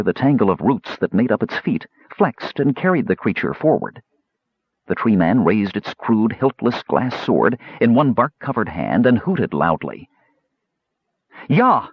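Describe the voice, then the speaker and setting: A man reading fantasy fiction aloud as an audiobook narrator, steady storytelling with varied voices. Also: fairly low pitch, breathy edge, no room sound, highs cut off. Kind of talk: scripted narration.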